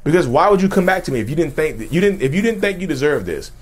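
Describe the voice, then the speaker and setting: A man talks straight to his viewers in a casual, unscripted way, often circling back and repeating himself as he builds his point. His pitch swings widely, rising and dropping with emphasis. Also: fast. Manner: animated, repeats and restarts phrases, addresses viewers directly. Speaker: mental health commentator. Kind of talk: casual talk to camera.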